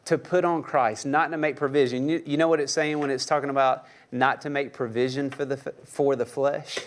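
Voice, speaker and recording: A man's voice: medium pitch, steady tone, fairly quick. A young adult male pastor preaching a sermon in a church, talking with the congregation in a loose, joking way and firing questions at them. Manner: conversational, joking, asks the audience questions.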